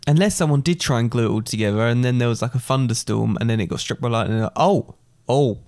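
A man chatting casually with a dry, teasing wit. His voice sits at an ordinary middle pitch as he needles his partner. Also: very fast, darkish tone. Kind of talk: casual chat.

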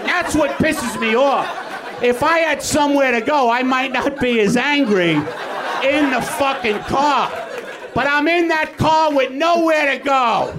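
A middle-aged man with a New York accent shouting an angry comic rant on stage, then dropping into mumbled asides. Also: extremely high pitch, measured pace, a crowd in the background. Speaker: comedian doing a rant segment. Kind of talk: ranting stand-up bit on a live podcast. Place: small comedy theater stage with audience. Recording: live theater audience audible.

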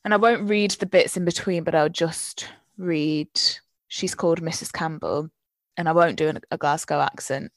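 A woman's voice: low-pitched, fairly even intonation, normal speed, no echo. A woman co-hosting a casual book podcast, searching for words with restarts and swearing freely. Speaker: podcast co-host.

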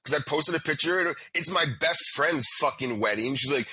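A young man in casual chat, telling profane, animated stories full of fillers as a podcast co-host. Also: fairly high pitch, fairly quick, slightly rough, no room sound, poor audio.

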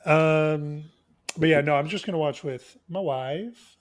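Higher-voiced guy in his thirties, podcast co-host, dry teasing humor. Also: unhurried. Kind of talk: casual chat.

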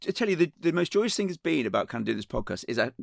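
A man's voice: a little high, sing-song, rapid-fire, vocal fry, no room sound, clean studio sound. A middle-aged man hosting a podcast, enthusiastic and chatty. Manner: enthusiastic, chatty, laughs often. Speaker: podcast host. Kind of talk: podcast interview.

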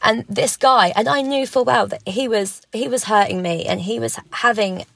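A woman's voice: on the high side, normal speed, gravelly, a bit bright, no echo. A woman as a podcast guest, speaking frankly and emotionally, often restarting her sentences. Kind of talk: candid personal interview.

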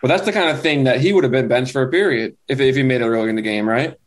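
A man co-hosting a sports talk show, speaking casually with lots of "like". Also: medium pitch. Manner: quick, casual, filler-heavy. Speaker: co-host.

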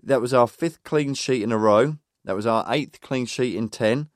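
A man's voice: medium pitch, moderate pace, dry recording. A man from England hosting a casual football chat, reeling off match facts with dry jokes. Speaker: podcast host.

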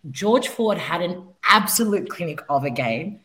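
Animated low-voiced woman, rugby pundit. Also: measured pace, a little hiss or hum, low-quality recording. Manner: animated, opinionated. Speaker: rugby player and pundit, guest. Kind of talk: casual podcast chat.

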